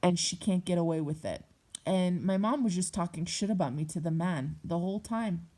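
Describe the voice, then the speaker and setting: A young woman talks straight to her viewers in a personal vlog, heated and blunt, with frequent swearing. Her voice sits a little low. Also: normal speed, dark tone. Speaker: vlogger. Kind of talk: personal monologue to camera.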